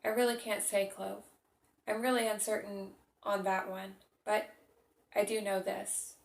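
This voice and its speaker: A woman's voice: mid-range voice, flat delivery, measured pace, gravelly, echoey room. Woman reading as a troubled young man. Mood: tender.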